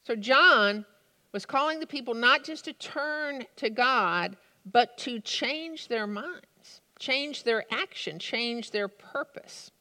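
A woman pastor delivering a sermon in a measured storytelling way, with dry humor. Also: fairly high pitch, animated, sharp tone, big-room sound.

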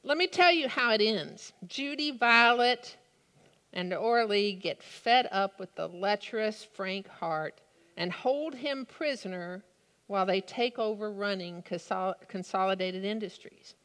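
A woman preaching a sermon in a slow, deliberate way with dramatic pauses. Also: medium pitch, expressive, fairly bright tone. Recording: long hall reverb.

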